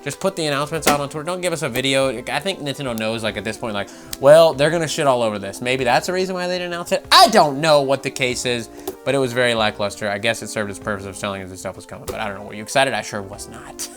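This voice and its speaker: A man's voice: mid-range voice, quick pace, a bit bright, soft background music. A man giving casual, sarcastic commentary on gaming news, swearing freely and laughing often.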